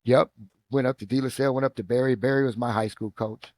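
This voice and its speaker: A middle-aged man with a Midwestern American accent shares football stories as a podcast guest, speaking at a medium pitch. He is an animated storyteller, and the recording is dry and close. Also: fast talker, no room sound. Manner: animated storyteller, acts out quotes with rising pitch. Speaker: guest, former football player and coach. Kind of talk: casual storytelling interview.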